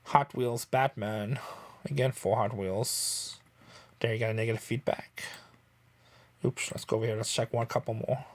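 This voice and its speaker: A man's voice: mid-range voice, fairly even intonation, normal speed, long pauses. A man from Southern California who hosts a reselling channel, talking in a chatty, rambling, wry way. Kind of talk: casual vlog chat.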